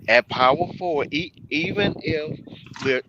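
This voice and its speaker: A man's voice: a little high, unhurried. A man calling in to a sports talk stream, making emphatic points and repeating himself. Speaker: guest caller. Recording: dull, noisy line.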